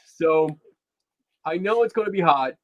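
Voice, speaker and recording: A man's voice: a little high, lively intonation, a little slow, highs cut off. A man hosting a casual live stream, groaning and exclaiming while eating a very hot chip. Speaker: host.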